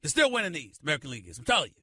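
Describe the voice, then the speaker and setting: A middle-aged man hosting a sports radio show, ranting loudly and emphatically into a studio microphone. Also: on the high side, sing-song, racing, breathy edge, no echo. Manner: loud, emphatic, shouting tirade.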